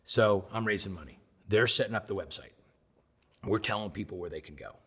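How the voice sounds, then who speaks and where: A husky, fairly low-voiced man of middle age tells his story as an interview guest. He acts out each quoted line and swings from loud bursts to near whispers. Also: fairly quick. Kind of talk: animated storytelling.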